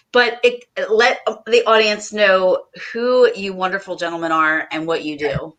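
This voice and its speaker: A woman's voice: mid-range voice, unhurried, fairly bright tone, rough recording. A woman hosting a casual live-stream chat, speaking hesitantly with many ums and restarts. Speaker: host.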